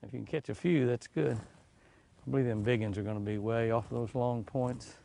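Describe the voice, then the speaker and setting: Gravelly, excitable fishing host. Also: male voice, medium pitch, moderate pace, dry recording. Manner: exclaims often, chuckles, talks to himself. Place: outdoors on a boat on a lake.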